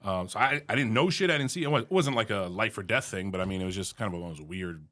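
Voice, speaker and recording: A man's voice: fairly low pitch, fast talker, a bit bright. A man hosting a podcast, firing off blunt, joking questions in casual chat. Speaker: podcast host.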